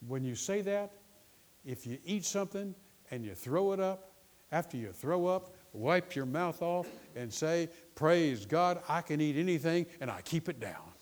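A man's voice: fairly high pitch, expressive, measured pace, voice pushed up. A man voicing a minister in a retold story who firmly repeats his instructions. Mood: insistent. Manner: insistent, repetitive commands. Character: firm older male minister giving instructions.

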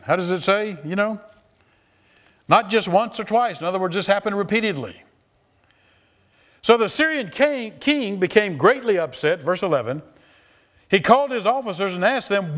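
Animated preacher man, slightly high voice. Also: moderate pace. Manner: animated, repeats phrases, acts out quoted voices. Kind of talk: sermon with scripture reading.

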